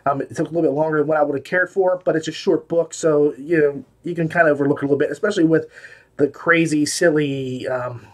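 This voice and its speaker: A man's voice: on the high side, steady tone, quick pace. Rambling man hosting a book-review podcast. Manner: rambling, with many fillers and restarts. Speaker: podcast host reviewing audiobooks. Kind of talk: casual spoken review.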